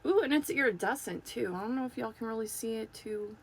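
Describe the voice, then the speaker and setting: A woman chatting casually to viewers while unboxing toys, gushing and excitable, recorded on a phone. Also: a little high, fairly quick, slightly rough.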